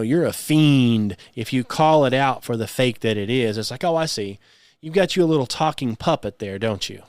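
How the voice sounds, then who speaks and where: A man's voice: medium pitch, dry recording, clean studio sound. Sarcastic man hosting a talk show. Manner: sarcastic, scoffing asides. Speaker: podcast host. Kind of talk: solo commentary.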